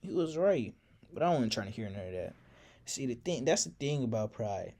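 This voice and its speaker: A man's voice: mid-range voice, very animated, moderate pace, warm tone. A man telling a personal story in a casual, slangy, reflective way.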